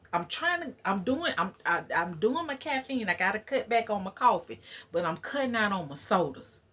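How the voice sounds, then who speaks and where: A woman's voice: fairly high pitch, fairly bright tone, husky. A woman vlogger in casual, preachy chat with her viewers. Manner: chatty, preachy, talks to viewers as y'all. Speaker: channel host.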